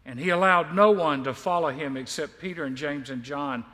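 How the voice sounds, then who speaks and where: A male pastor preaching a sermon and reading scripture, by turns emphatic and quietly confiding. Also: a little high, normal speed, big-room sound. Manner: emphatic, swells loud on key lines, then drops quiet and confiding.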